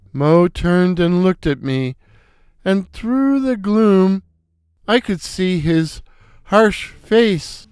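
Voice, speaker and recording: An older man narrating a comic story in a wry, unhurried way. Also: high-pitched, lively intonation, a little mellow, smooth, no echo, studio quality. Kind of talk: scripted narration.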